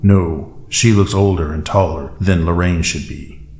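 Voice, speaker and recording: A firm, low-voiced squad captain. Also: male voice, a little slow, a little mellow, slight background noise. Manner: firm, decisive. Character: steady, commanding male squad captain. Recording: roomy echo, faint music bed.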